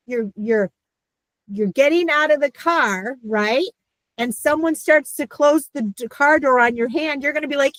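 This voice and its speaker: A woman teaches a beginner class in a bright, playful manner, breaking into sudden squeaks to make a point. Her voice sits a little high. It is recorded dry and close, with no room sound around it. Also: dry recording, rough recording. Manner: lively, playful, animated. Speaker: Hebrew teacher. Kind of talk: online lesson.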